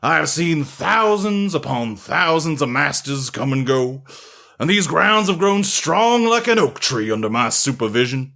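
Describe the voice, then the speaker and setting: A man's voice: a little high, lively intonation, measured pace, gravelly, pushed and bright, pitched above the performer's own voice, exaggerated voice. A man voicing an ancient, long-winded head butler who speaks with grand, formal politeness. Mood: grandiloquent. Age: older. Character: ancient pompous male estate head butler.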